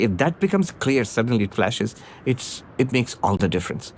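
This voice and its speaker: A man giving a philosophy lecture, explaining ideas step by step with frequent pauses and fillers. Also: medium pitch, sing-song. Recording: lecture under vehicle noise.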